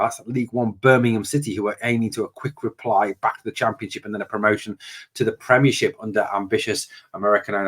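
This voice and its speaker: A man's voice: lowish voice, a bit bright. A man hosting a football channel and delivering a passionate, repetitive opinion monologue. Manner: passionate, ranting, repetitive emphasis.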